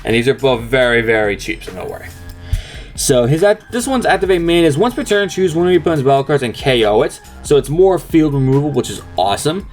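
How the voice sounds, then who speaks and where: A man's voice: medium pitch, expressive, a little fast, faint music behind. A young man hosting a card game channel, chatting casually and explaining a deck step by step in an upbeat, talkative way. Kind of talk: casual deck profile walkthrough.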